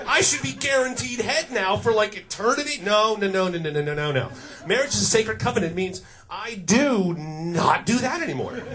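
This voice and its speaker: A young man performing a stand-up comedy set, delivering crude, sardonic punchlines and putting on mock voices. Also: sits high. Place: comedy club stage. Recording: club set with loud crowd laughter. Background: audience laughing.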